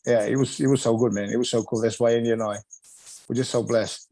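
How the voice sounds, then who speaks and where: A middle-aged man in a relaxed interview, swapping stories with lively energy and frequent laughter. His voice sits at an ordinary male pitch, recorded dry and close with no room echo. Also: quick pace, creaky. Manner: animated, laughs often, acts out other people's voices. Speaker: guest, retired wrestler. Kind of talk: casual storytelling interview.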